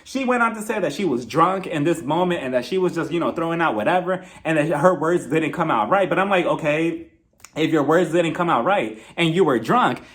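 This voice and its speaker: Animated, high-voiced man reviewing a show. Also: a little fast. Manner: animated, opinionated, acts out quotes. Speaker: video reviewer. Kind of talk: casual commentary vlog.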